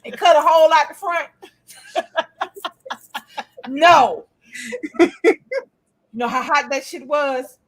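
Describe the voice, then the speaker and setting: A woman's voice: high-pitched, slow, long pauses, fairly bright tone. A woman co-hosting a casual chat, talking bluntly and profanely and laughing often. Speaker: co-host.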